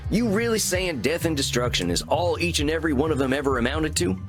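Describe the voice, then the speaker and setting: A folksy Southern cowboy vampire therapist. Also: male voice, a little high, sing-song, fast, over music. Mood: easygoing. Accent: Southern American. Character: laid-back cowboy vampire therapist man. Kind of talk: video game voice acting.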